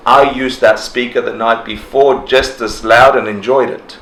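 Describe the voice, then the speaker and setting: Animated man teaching a class, bright echoey room. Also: mid-range voice, a little slow. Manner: animated, laughs often, acts out quoted reactions. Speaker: dharma teacher. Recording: roomy echo, faint ambient noise.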